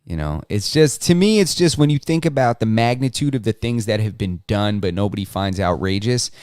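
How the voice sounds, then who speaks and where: A man co-hosts a podcast in a loose, rambling way, restarting his sentences and swearing casually. His voice is smooth and resonant. The recording is dry and close, with no room sound. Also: on the low side, animated, a little fast, a little mellow, no echo. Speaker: podcast co-host. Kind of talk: casual chat.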